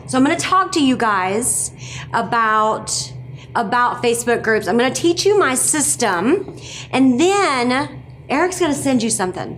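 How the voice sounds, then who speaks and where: A woman's voice: a little high, a bit bright, a little hiss or hum. A woman giving a live presentation, upbeat and coaxing the audience to respond.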